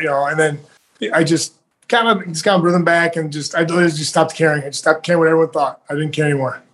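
A man's voice: on the high side, racing. A man, a professional fighter, telling rambling stories in a casual interview and acting out what others said. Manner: rambling, animated, acts out quotes.

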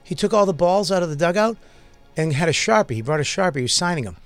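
A man's voice: sits high, lively intonation, fast, dry recording, soft background music. A man hosting a comedy podcast, trading stories in casual chat, swearing freely and mimicking other voices. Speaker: podcast host.

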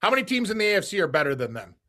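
A man's voice: high voice, very animated, bright, forceful tone. Blunt joking man co-hosting sports talk. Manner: blunt, joking, quick agreement. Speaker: co-host. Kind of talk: casual sports betting chat.

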